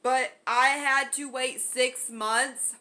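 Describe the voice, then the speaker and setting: A woman's voice: sits high, fairly even intonation, slow, bright, forceful tone. A young woman vlogger telling a story during a mukbang, rambling casually with many ums and likes.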